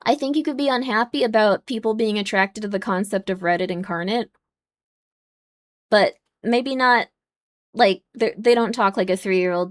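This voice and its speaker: A woman's voice: medium pitch, normal speed. A young woman hosting a live-stream watchalong, chatting casually with her viewers, rambling with lots of fillers and getting exasperated at times. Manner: rambling, many "like" and "um" fillers, gets loud and exasperated.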